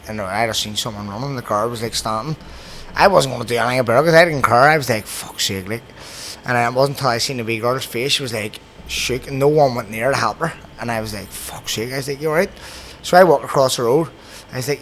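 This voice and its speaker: A man with a Belfast accent hosting a podcast, telling rough, swear-filled anecdotes in casual chat. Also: medium pitch, fast talker, slight background noise. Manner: swears constantly, animated anecdotes. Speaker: podcast host.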